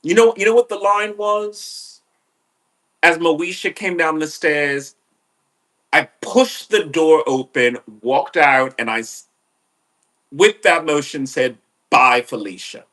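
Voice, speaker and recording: A man ranting on his podcast in a profane, animated monologue. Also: on the high side, slow pace. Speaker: podcast host.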